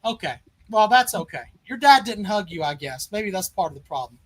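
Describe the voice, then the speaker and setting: A man's voice: high voice, sing-song, brisk, low-quality recording. A man hosting a sports call-in show, taunting a caller over and over in a mock-polite way. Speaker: sports talk host. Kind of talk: call-in radio banter.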